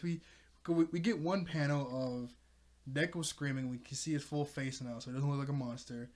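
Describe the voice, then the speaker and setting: A man hosting a laid-back comic reaction, talking through the chapter panel by panel. He rambles, corrects himself often and fills gaps with ums and little laughs. His voice sits at an ordinary middle pitch for a man. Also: brisk, darkish tone. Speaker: manga reaction host. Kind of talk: casual recap and review.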